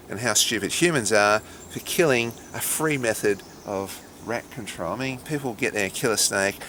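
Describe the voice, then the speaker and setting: A man's voice: lowish voice, pushed and bright, a little hiss or hum. A middle-aged man with an Australian accent, a snake handler giving chatty, dry vlog commentary.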